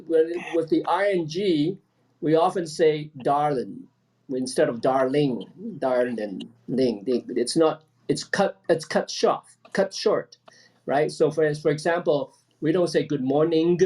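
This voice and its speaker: A man's voice: fairly high pitch, darkish tone. Patient male accent coach on a call. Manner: patient, repeats instructions often. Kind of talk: online group lesson.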